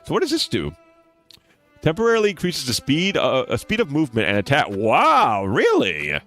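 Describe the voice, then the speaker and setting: A man streaming a video game with excitable, playful commentary, swearing casually as he plays. His pitch leaps all over the place. Faint music runs behind his voice. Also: normal speed.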